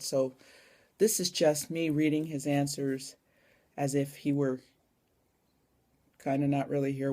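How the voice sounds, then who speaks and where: Young woman, casual vlog chat, rambling, self-asides, phone camera. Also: deep voice. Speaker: vlogger.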